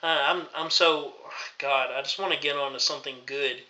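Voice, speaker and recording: A man's voice: on the high side, steady tone, normal speed, pushed and bright. A man recapping a wrestling show in an exasperated, rambling rant full of fillers. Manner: exasperated ranting, filler-heavy. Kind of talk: ranting recap vlog. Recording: dull lo-fi recording.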